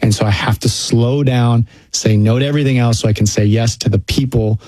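A man's voice: medium pitch, fairly even intonation, a little fast, warm tone, dry recording. A man talking earnestly about parenting and faith in a casual chat, reflective and a bit preacherly. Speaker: podcast guest speaking on fatherhood and faith.

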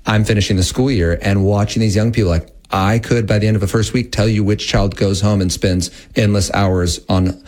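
A man's voice: fairly low pitch, fairly even intonation, normal speed, a little mellow. A man in his thirties, a guest explaining parenting and technology in an earnest, explanatory way. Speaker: guest, Christian tech educator. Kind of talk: interview conversation.

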